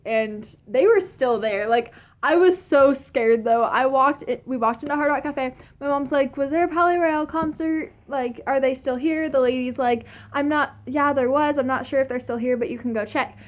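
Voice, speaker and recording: High-voiced gushing young woman. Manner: excited, gushing, fast-talking with many "like"s and laughs. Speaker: fan. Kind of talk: casual vlog storytelling.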